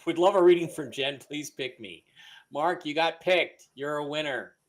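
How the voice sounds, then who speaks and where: A man's voice: fairly high pitch, moderate pace. Chatty man hosting a live stream. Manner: loose and chatty, stumbles over names. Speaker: livestream host. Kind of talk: casual live-stream chat.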